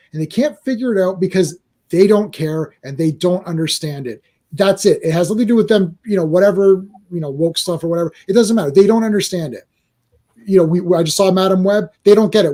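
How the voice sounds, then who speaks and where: Ranting podcast co-host, high and mellow, acts out reactions. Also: male voice. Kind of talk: casual movie chat.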